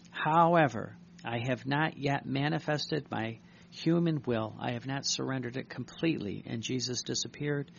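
A man's voice: fairly high pitch, gravelly, a little hiss or hum. A man, a priest, preaching an earnest, reflective sermon and often restarting his sentences. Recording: dull lo-fi recording.

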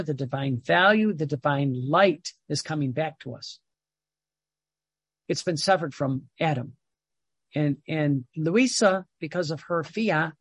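A man's voice: a little high, fairly bright tone, dry recording. A man giving an informal devotional talk, rambling and repeating words as he reads passages aloud and explains them. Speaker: religious teacher.

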